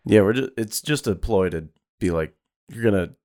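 A man joining in a casual podcast chat, his low voice swinging widely in pitch. He breaks into laughter often and keeps teasing the others. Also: expressive, moderate pace, darkish tone. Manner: laughs a lot, playful teasing.

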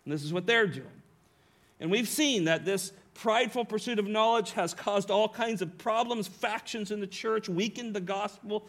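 Man, high-pitched voice, pastor, sermon, emphatic, rhetorical questions, shifting pace. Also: fairly bright tone. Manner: emphatic preaching with frequent rhetorical "right?"; varies pace and volume, slowing on key phrases. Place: church sanctuary.

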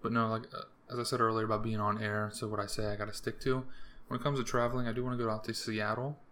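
A man's voice: fairly low pitch, flat delivery, quick pace, a bit bright. A young man hosting a solo podcast, rambling casually with crude jokes. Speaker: podcast host.

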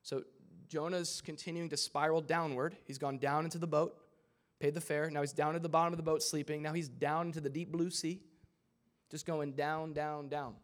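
A man's voice: a little high, level tone, moderate pace. Man preaching a casual sermon. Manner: casual retelling of scripture with asides and character voices. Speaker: pastor.

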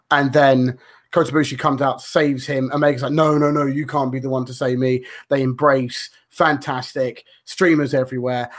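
A man co-hosting a podcast, rambling through a story in casual chat with lots of fillers, restarts and swearing. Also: mid-range voice. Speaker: podcast co-host.

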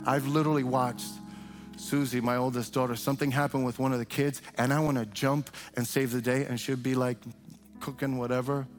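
An older man preaching a sermon in a loose, conversational way, who breaks into shrill mimicry when imitating cheering parents. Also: flat delivery, brisk, soft background music. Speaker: pastor. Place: church sanctuary.

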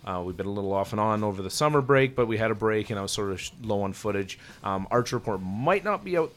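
Low-voiced man, laid-back podcast guest. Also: lively intonation, fast. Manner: laid-back, plugs his channels. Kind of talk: casual chat.

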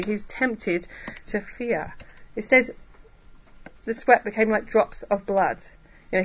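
A woman preacher giving a sermon to a church congregation, earnest and emphatic, slowing down on key phrases. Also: mid-range voice, lo-fi sound. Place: church hall.

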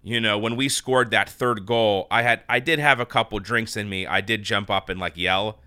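A man's voice: on the low side, fairly even intonation, normal speed, bright, forceful tone, clean tone, no room sound. A male podcast host chatting casually, telling a long anecdote with restarts and quoted exchanges. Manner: rambling storyteller with many restarts and quoted dialogue. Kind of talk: casual chat.

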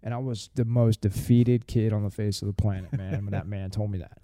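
A man's voice: lowish voice, fairly even intonation, a little fast, dark tone, dry recording. A middle-aged man, a firearms instructor, telling blunt, profane stories in a casual podcast chat. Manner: blunt, profane, rambling with restarts. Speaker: firearms instructor and former Marine.

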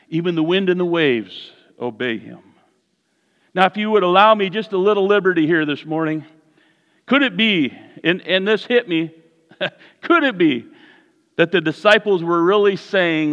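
A man preaching a sermon as pastor, animated, swinging from hushed lines to loud ones. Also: high voice, measured pace, long pauses, muffled recording. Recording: reverberant hall.

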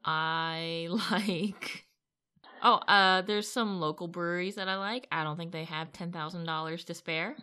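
A woman's voice: fairly low pitch, steady tone, unhurried, bright, forceful tone, clear, resonant tone. A woman co-hosting a podcast in casual chat, laughing often as she tells stories. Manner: laughing, storytelling, profane. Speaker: podcast co-host.

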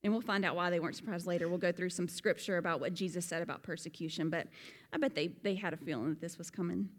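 A woman giving a Bible lesson, animated and fond of rhetorical questions. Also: fairly low pitch, quick pace, big-room sound. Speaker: Bible teacher. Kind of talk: sermon-style Bible lesson.

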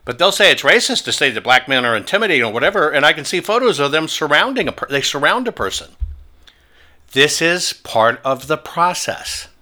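A man hosting a talk show, telling stories in a forceful, taunting manner. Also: on the high side, very animated, a little fast. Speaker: host.

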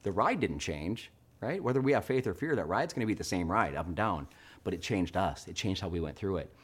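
A middle-aged man preaching a sermon, telling a story with animated swings between hushed and loud delivery. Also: low voice, brisk, husky. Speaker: pastor.

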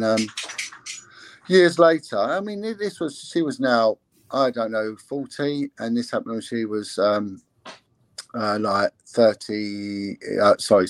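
A former police investigator with a fairly low voice speaks earnestly in a candid interview, full of restarts and fillers. The recording is dry.

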